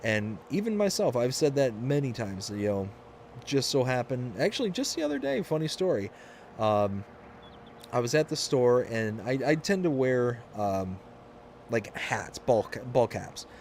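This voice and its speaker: A man's voice: medium pitch, very animated, unhurried, darkish tone, a little hiss or hum. A man from Michigan hosting a live game stream, chatting casually and rambling through stories with frequent restarts. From Michigan, USA.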